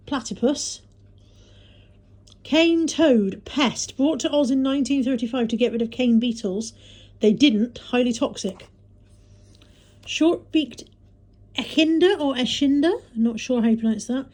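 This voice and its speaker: A woman's voice: a little high, warm tone. Chatty self-mocking English woman vlogging. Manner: chatty, self-mocking, muttering to herself while searching. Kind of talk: casual chat to camera.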